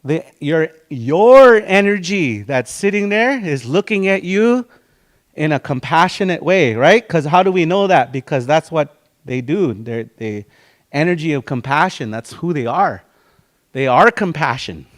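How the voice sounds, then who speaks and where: A man's voice: fairly high pitch, expressive, unhurried. A man with a Dakota community accent teaching a language and culture class, explaining words one at a time and acting out little quotes as he goes. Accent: Dakota community English.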